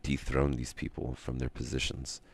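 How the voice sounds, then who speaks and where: Man, very low voice, gravelly, rambling stream rant. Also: monotone. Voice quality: very deep gravelly voice. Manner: ranting, musing, drawn-out pauses.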